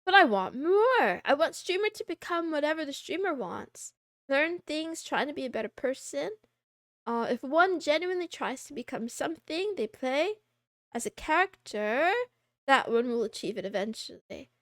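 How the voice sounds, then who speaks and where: A high-pitched woman with a lively, bouncing voice chats with her stream audience, reading messages aloud and teasing. She is playful and giggly, and the recording is dry and close. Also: moderate pace, no room sound. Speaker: VTuber streamer. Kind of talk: casual chat reading viewer messages.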